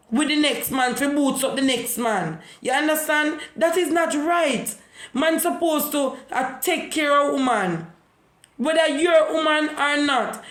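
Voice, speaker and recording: A woman's voice: high-pitched, fairly bright tone, echoey room. A Jamaican woman giving a casual vlog monologue, preaching and telling a story with lots of repetition. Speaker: vlogger.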